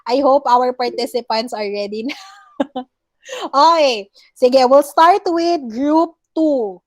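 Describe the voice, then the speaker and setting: A high-voiced woman with a Filipino accent teaches over a video call. She is patient and goes through pronunciation one word at a time. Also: slow. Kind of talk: online class lesson.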